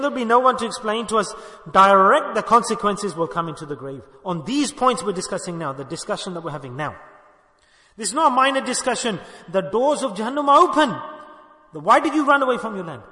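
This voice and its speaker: An older man delivers an emphatic sermon, pressing his listeners with rhetorical questions. His voice sits high and bright. It rings through a roomy hall with a long, lingering reverb. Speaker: preacher.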